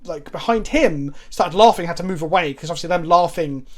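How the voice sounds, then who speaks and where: Guy, high voice, rambling card-game storyteller, swears a lot, laughs at himself. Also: a little fast, crowd noise. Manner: rambling, swears, self-mocking, frequent restarts. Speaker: card game player and co-host. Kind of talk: casual gameplay chat with anecdotes.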